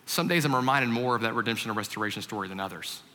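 A man in his thirties, a family pastor, preaching a sermon with humorous stories and animated delivery that drops into hushed reflection. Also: medium pitch, racing. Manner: animated, shifts from loud comic storytelling to hushed reflection. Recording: long hall reverb.

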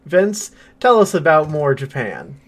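A young man with a slightly high voice co-hosts a podcast in a relaxed way. He mostly gives short, easy replies and reads out the show plugs. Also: measured pace. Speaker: podcast co-host. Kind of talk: casual podcast chat.

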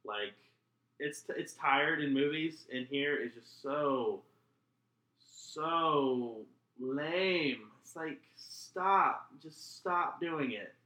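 A man's voice: on the high side, very slow, sharp tone, echoey room, rough recording. A man co-hosting a podcast, chatting casually in a sarcastic, exasperated way. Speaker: podcast co-host. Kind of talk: casual chat.

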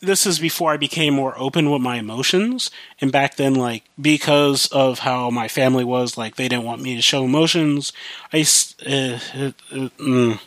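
A man's voice: medium pitch, normal speed, a bit bright, no echo. A young man hosting a podcast alone, rambling casually about his life with lots of fillers and restarts. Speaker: podcast host. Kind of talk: casual monologue.

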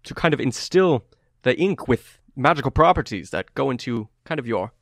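A man's voice: mid-range voice, lively intonation, moderate pace, a bit bright, no room sound, studio quality. A man voicing a haughty, regal male goblin tattoo artist with a formal, mocking manner in a tabletop game.

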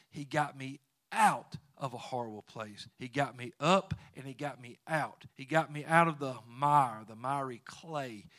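A man preaching a sermon, quoting scripture and swinging between loud exhortation and quiet asides. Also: fairly high pitch, no room sound, clean studio sound.

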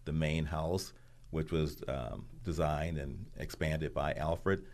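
A man talking as a guest on a radio show, explaining slowly with many ums. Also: a bass voice, a little mellow. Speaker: guest, theater president. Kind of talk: casual radio chat.

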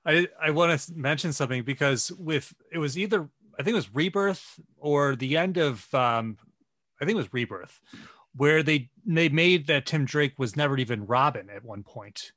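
A man's voice: a little high, expressive, moderate pace, fairly bright tone, dry recording. A man co-hosting a podcast, chatting casually and a little hesitantly about comic books. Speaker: podcast co-host. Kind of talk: casual comic book chat.

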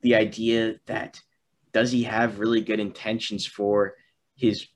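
A young man in a casual chat about a film, talking in halting stretches full of restarts and fillers. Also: fairly low pitch, little pitch movement. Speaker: film discussion co-host.

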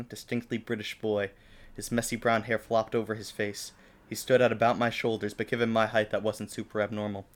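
Man reading his fan fiction aloud. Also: lowish voice. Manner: dramatic storybook reading, breaking into laughter. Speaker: podcast co-host.

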